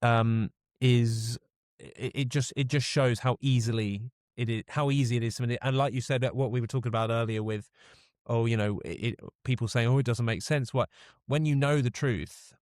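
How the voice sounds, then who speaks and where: A podcast co-host chats casually, frequently restarting his sentences. His mid-range voice is steady, a little mellow and moderately paced, captured in a dry, clean studio recording.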